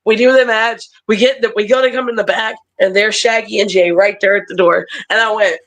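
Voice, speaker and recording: Woman, pro wrestler guest on a video call, animated storyteller, swears freely, laughs through her stories, mid-range voice. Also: medium pitch, brisk, low-quality recording. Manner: animated, profane, laughs often. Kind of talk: casual storytelling.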